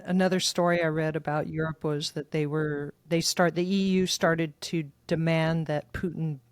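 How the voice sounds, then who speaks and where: A woman's voice: sits low, steady tone, normal speed, smooth, no room sound. A woman co-hosting a podcast, talking politics casually and thinking aloud with some hesitation. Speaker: podcast co-host.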